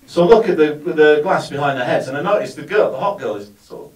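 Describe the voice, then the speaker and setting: A man performs stand-up, spinning a long anecdote with a wry, building delivery. His voice sits a little high. He is caught from a distance in a roomy, echoing venue. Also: animated, fast talker, a little mellow. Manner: wry, storytelling, building to punchlines. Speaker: stand-up comedian. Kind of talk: stand-up comedy set. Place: live comedy venue with audience. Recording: roomy sound, mic far from speaker.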